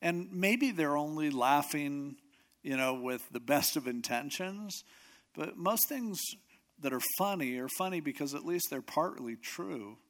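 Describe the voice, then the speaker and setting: A man preaching a sermon in a conversational, expressive way, often acting out what people say. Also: fairly high pitch, unhurried. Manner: conversational, expressive, acts out quotes.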